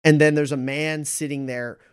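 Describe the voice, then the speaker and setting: A man's voice: a little high, steady tone, normal speed, clean tone. A man running a tabletop game as game master, narrating casually with frequent fillers.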